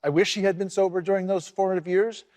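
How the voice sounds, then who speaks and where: A man speaking candidly as an interview guest, halting and reflective, often restarting his sentences. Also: high-pitched, steady tone, a little mellow, dry recording.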